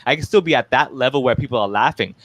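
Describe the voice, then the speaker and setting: In a casual interview, a Hong Kong stand-up comedian tells stories animatedly, performing the quoted voices himself. He talks fast in a medium-pitched voice, with no echo on the recording.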